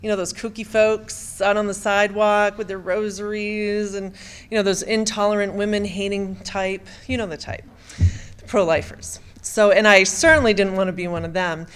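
A middle-aged woman giving an emotional personal testimony, halting and often restarting her sentences. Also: medium pitch, steady tone, a bit bright, clean tone. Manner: halting, with frequent stammered restarts.

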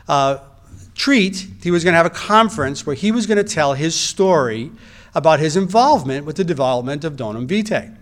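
A middle-aged reproductive endocrinologist shares a personal testimony in a conversational, storytelling manner, adding wry asides and restarting often. His voice is a little high and fairly bright.

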